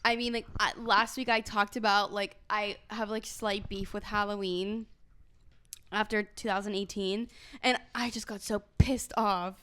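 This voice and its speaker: A woman's voice: medium pitch, steady tone, measured pace, fairly bright tone, clean tone. A young woman in her twenties co-hosting a podcast, chatting casually with lots of "like" and the odd swear word. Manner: casual, filler-heavy, swears. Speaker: podcast co-host. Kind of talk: casual chat.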